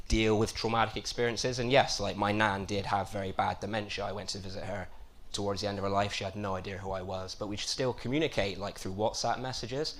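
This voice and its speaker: A man with a Bristol accent doing a stand-up comedy set, with a deadpan, self-mocking delivery and quick asides. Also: fairly low pitch, a little hiss or hum. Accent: Bristol English. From Bristol, England. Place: comedy club stage.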